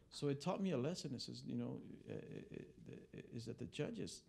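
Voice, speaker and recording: A male attorney speaks to the press in a loose, story-telling way, stumbling through restarts and filler words. His voice has a gravelly, creaky edge, and sits at an ordinary middle pitch for a man. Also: expressive, normal speed, darkish tone. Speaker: immigration attorney. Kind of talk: press briefing talk. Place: press club briefing room.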